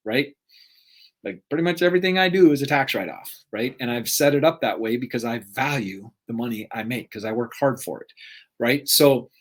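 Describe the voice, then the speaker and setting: A middle-aged man giving an unscripted motivational talk, earnest, repeating questions for emphasis and often asking "right?". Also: mid-range voice. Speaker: motivational speaker.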